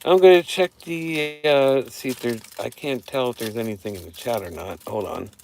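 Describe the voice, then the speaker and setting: A man giving an excited, profane recap on a casual live stream, repeating himself as he talks into a handheld phone. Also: mid-range voice, normal speed, vocal fry, slight background noise. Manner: excited, profane fan rambling with repeated phrases. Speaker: wrestling show reviewer. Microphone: phone held in hand.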